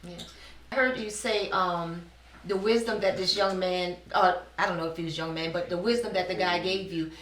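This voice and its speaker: A middle-aged woman from New Orleans, a business owner telling her personal story in an interview, animated and acting out the dialogue she quotes. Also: fairly low pitch, moderate pace, recorded from a distance. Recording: echoey room.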